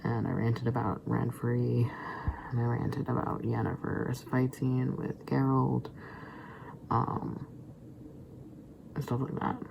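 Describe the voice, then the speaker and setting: This young man's mid-range voice has vocal fry as he delivers a casual, rambling vlog monologue. He stumbles over restarts and lowers into whispered asides against steady background noise.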